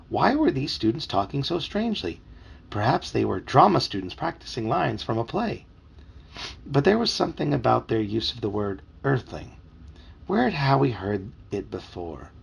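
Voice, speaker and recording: A man with a gravelly voice reading a children's book aloud at home, lively and expressive. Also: mid-range voice.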